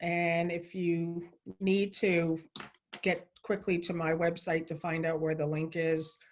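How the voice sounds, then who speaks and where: A woman's voice: fairly low pitch, little pitch movement, takes it slowly, a little hiss or hum. Effusive woman hosting a livestream show. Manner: effusive and enthusiastic, chatty storytelling. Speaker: show host.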